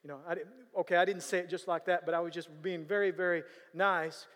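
A man telling a story in sermon style, animated, with sudden loud bursts of emphasis and a habit of asking whether listeners follow him. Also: high-pitched, fast talker. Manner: animated, bursts of loud emphasis, repeats "you know what I'm saying". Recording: long hall reverb.

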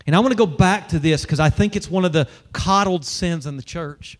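High-voiced man preaching a conversational sermon. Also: fairly quick, hardly any pauses. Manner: conversational preaching with rhetorical questions. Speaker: pastor.

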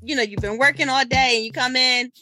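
A middle-aged woman co-host in casual chat, expressive and playfully teasing. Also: high-pitched, a little fast, faint music behind. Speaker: podcast co-host.

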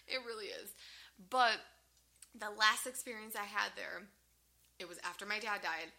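A woman co-hosting a podcast, telling a story in an animated, casual way, swearing freely and laughing often. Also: medium pitch, moderate pace, vocal fry. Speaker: podcast co-host.

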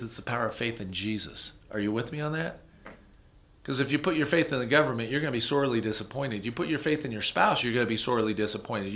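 A man preaching a sermon, moving between loud emphatic passages and hushed, low ones. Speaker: pastor.

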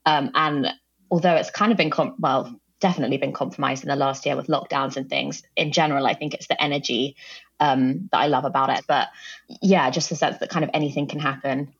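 Low-voiced, chatty Englishwoman. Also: fairly even intonation, a little fast, husky, no echo, muffled recording. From England. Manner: chatty, giggly, many ums and likes. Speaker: guest, company co-founder. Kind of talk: podcast interview. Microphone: video call.

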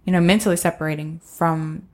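A woman with a somewhat low voice co-hosts a relaxed faith conversation. She explains her points earnestly and patiently. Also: fairly quick. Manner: earnest, explanatory, acts out little quotes. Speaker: podcast co-host.

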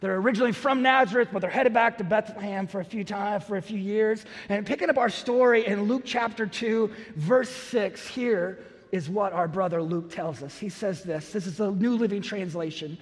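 A man in his thirties preaching a sermon with storytelling, animated, acting out the people in his story and swinging between loud and hushed. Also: sits high, normal speed. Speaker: pastor. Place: church auditorium. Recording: long reverb of a large hall.

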